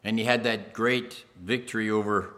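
Low-voiced preacher, emphatic sermon. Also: male voice, steady tone, normal speed, fairly bright tone. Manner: emphatic, repeats phrases, addresses the congregation directly.

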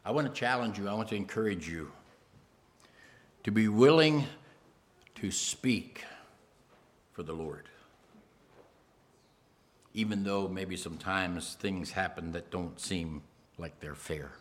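A man's voice: low voice, takes it slowly, long pauses, a little hiss or hum. A man preaching a sermon, emphatic, repeating phrases and speaking straight to the congregation.

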